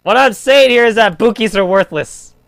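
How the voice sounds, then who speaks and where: A man's voice: high-pitched, normal speed, gravelly, a bit bright, no echo. A young man streaming a game, rambling in crude casual chat full of filler "like". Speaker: gaming streamer.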